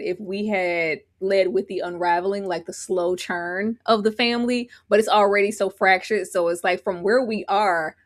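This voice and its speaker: A woman on a live panel, giving her opinions in an animated, outspoken way. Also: medium pitch. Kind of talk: casual live panel discussion.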